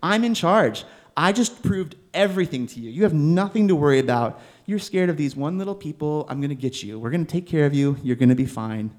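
A man's voice: fairly high pitch, expressive, a little fast, hardly any pauses, darkish tone, pitched above the performer's own voice, close to an everyday voice. A man voicing God as a commanding male divine voice, reassuring and emphatic during a sermon.

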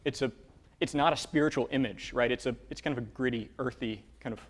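A man preaching a casual sermon, talking in halting bursts full of fillers and restarts. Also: mid-range voice. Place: church with a room of divinity students.

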